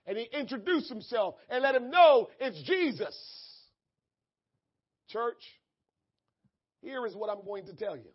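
A male preacher delivering a sermon, swinging from quiet asides to shouted climaxes and reading scripture in a measured cadence. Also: high-pitched, animated, husky, dull audio.

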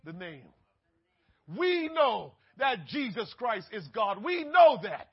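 A man preaching a sermon with passion, swinging between shouted declarations and low, quiet asides. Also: sing-song, takes it slowly, husky, lo-fi sound.

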